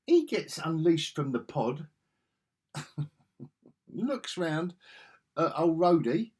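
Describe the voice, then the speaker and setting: A man's voice: fairly high pitch, big pitch swings, slow pace, pauses often, a little mellow, slightly rough. A man giving a casual video review, ranting sarcastically and exasperatedly, with frequent restarts. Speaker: film reviewer.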